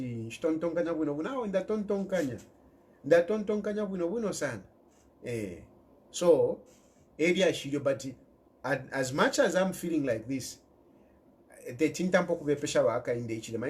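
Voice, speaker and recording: A Zambian man giving emphatic political commentary, repeating his key points and dropping in local words. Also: a little high. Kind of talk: impassioned direct-to-camera commentary.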